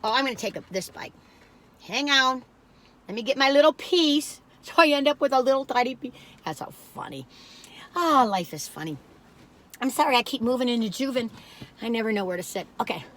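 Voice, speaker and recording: A woman's voice: on the high side, expressive, a little fast, fairly bright tone. An older woman, chatting casually and rambling off on tangents while reviewing cookies on her vlog. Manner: rambling, chatty, easily sidetracked. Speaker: food vlogger.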